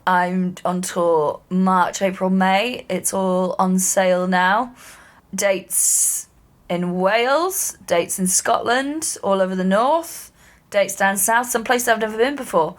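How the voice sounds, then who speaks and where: A woman's voice: mid-range voice, takes it slowly. A woman co-hosting a comedy podcast, telling stories in a sweary casual chat and acting out the quotes. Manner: sweary, storytelling, acts out quotes.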